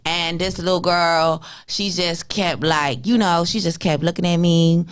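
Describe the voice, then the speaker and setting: A woman's voice: fairly low pitch, fairly even intonation, a little slow, clean tone. A woman co-hosting a talk show who tells stories in a casual way and acts out the voices of the people in them. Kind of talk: casual storytelling chat.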